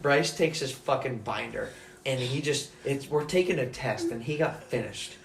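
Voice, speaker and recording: A man's voice: mid-range voice, normal speed, gravelly. A young man co-hosting a podcast, telling a profane school story with lots of laughing. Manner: animated, swears constantly, laughs while telling. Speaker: podcast co-host. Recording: roomy echo, faint noise.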